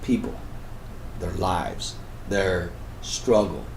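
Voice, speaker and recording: A man on a talk show, telling a story with energy. He swings between loud, emphatic bursts and hushed, intense passages. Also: low voice, very slow, noisy background. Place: radio studio.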